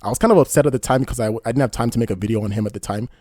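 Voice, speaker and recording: A man's voice: medium pitch, very fast, a little mellow, dry recording, clean studio sound. A man doing casual online commentary, indignant and rambling, often asking "you know what I mean". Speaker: commentary YouTuber.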